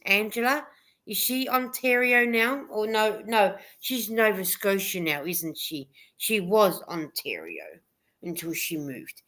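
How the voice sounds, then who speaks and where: A woman's voice: mid-range voice, animated, slow, fairly bright tone. A woman hosting a casual livestream chat, rambling a little and reading viewer comments aloud. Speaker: host of a live chat stream.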